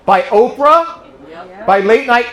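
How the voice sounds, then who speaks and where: An English-born guest speaker with a British accent gives a political speech to a club audience, telling stories, rallying the crowd and quizzing them. His very high-pitched voice is expressive and fairly bright, and he takes it slowly. It's recorded live in an echoey room of a private home.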